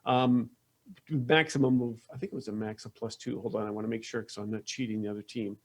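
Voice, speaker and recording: A man's voice: mid-range voice, fairly even intonation, fast talker. A man running a tabletop game as game master, upbeat and chatty, with many fillers.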